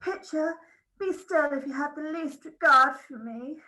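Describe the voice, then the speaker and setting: A woman's voice: sits high, a little slow, heavy background noise. A woman reading the part of a flustered young housemaid who fusses in a breathless way. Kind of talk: script read-through.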